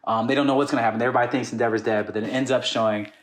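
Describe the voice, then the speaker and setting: A man talking fast and eagerly, recapping an anime episode for his co-host. He records from home, and the room adds a noticeable echo around his voice. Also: medium pitch. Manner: excited, animated retelling with acted quotes. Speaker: podcast co-host. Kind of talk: casual chat recapping an anime.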